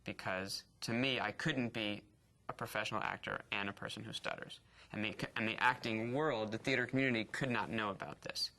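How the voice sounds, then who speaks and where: A man's voice: on the low side, fairly even intonation, brisk, creaky, bright, forceful tone. A man in his thirties, an actor, telling his own story in a candid, reflective way, with stutter blocks and repeated sounds. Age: 30s. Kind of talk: personal interview testimony.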